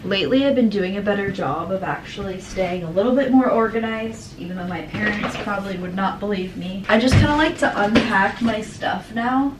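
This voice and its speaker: A woman's voice: medium pitch, a little fast, few pauses, noisy background. A young woman vlogging casually from a hotel room while sick and a bit stuffy, chatty and full of "like". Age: young adult. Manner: chatty, says "like" a lot. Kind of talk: casual vlog chat. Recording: music playing under the voice.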